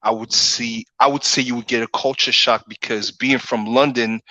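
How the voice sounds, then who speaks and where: A man's voice: mid-range voice, fairly even intonation, moderate pace, pushed and bright, dry recording, highs cut off. A man talking as a guest in a casual livestream chat, laid-back and peppering his points with "you know what I'm saying". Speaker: podcast guest.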